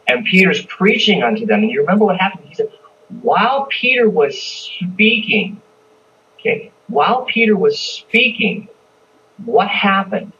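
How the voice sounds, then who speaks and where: A man teaching through a Bible passage in a conversational way, often pausing to ask his listeners questions. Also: high voice, very animated, bright, forceful tone. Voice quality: conversational, repeats and restarts, asks the listeners questions. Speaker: pastor teaching a Bible study. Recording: distant, dull lo-fi recording with faint hiss.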